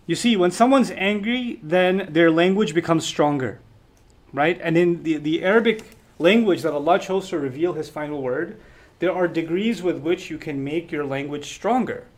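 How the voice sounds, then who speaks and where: A man with a notably high voice for a male speaker teaching a class on scripture. He explains emphatically and keeps checking in with his listeners through quick rhetorical questions. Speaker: religious teacher.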